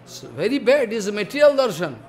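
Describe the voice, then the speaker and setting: A man's voice: sits high, sing-song, a little fast, a little mellow. A man giving a devotional sermon, emphatic and questioning, often checking with "follow?". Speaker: spiritual teacher.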